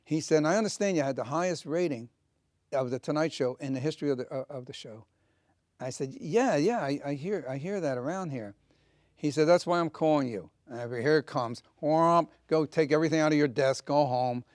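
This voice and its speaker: An older man recalls his years in comedy with earnest warmth, acting out the voices of the people in his stories. His voice sits a little high, and the recording is dry and close with no room sound. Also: brisk, no echo. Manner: earnest storyteller with quoted dialogue. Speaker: comedian guest. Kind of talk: interview reminiscence.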